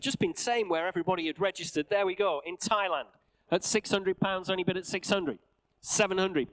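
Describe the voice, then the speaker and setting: A man working as an auctioneer at a live auction, calling bids briskly and adding joking asides to the room. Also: sits high, fairly bright tone, clear, resonant tone, rough recording. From England.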